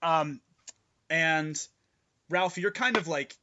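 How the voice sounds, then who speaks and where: A man narrating a tabletop game as game master, excitable and gushing, with many fillers. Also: on the high side, takes it slowly, muffled recording, noisy background.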